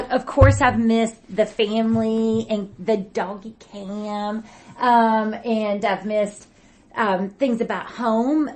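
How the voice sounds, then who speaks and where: A middle-aged woman co-hosting a casual podcast, laughing easily and getting heated when she makes her point. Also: mid-range voice. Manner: warm, quick to laugh, gets animated when arguing. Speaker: podcast co-host. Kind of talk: casual chat.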